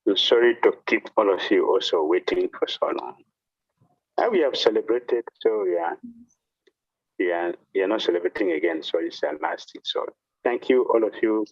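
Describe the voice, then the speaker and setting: A man, a monk, telling a devotional story in a sermon with animated delivery and frequent repetition of phrases. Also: lowish voice, moderate pace, creaky, husky, dull audio. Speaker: monk giving a talk.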